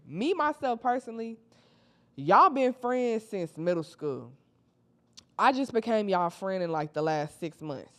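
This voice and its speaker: Slangy young woman telling a story. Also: on the low side. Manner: animated, slangy, acts out friends' quotes. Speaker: storytime vlogger. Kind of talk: casual storytelling.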